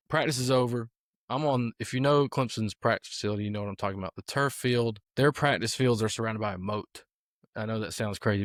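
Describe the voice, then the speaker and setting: A football coach who hosts a podcast rambles through casual stories, dropping in plenty of filler words. His mid-range voice is recorded at studio quality with no echo.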